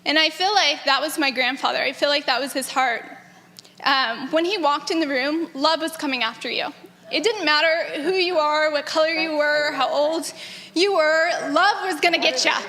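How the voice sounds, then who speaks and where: A woman in her thirties giving an earnest, animated personal testimony about her grandfather to a gathering, often breaking into laughter. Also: high voice, normal speed. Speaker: granddaughter sharing memories. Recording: echoey hall.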